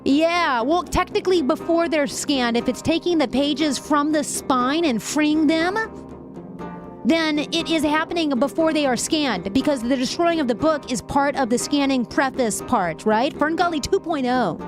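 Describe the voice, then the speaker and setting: A woman with a high voice hosts a casual live stream. She reads news articles aloud and stops to vent and laugh, talking to her chat. Faint music plays underneath. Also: unhurried. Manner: emotional, frequently laughing and venting. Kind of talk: live-stream news commentary, chatting with viewers.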